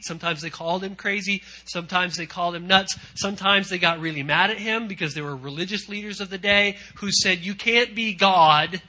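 A man preaching a sermon in a conversational way, swinging between hushed lines and loud emphatic ones, with repetition and asides. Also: high-pitched. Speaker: pastor.

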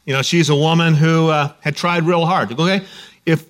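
Pastor, higher pitched guy, chatty sermon with jokes and stories. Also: steady tone, normal speed, fairly bright tone. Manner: conversational, jokey storytelling.

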